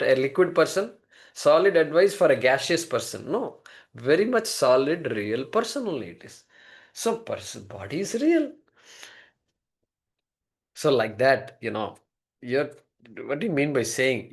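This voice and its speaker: A man giving a classroom lecture on a Sanskrit text, explaining word by word and posing rhetorical questions. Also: mid-range voice. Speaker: scripture teacher.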